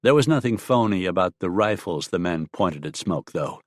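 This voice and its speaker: A man narrating a western audiobook in an even, measured storytelling manner. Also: low voice, no echo, clean studio sound. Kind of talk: scripted narration.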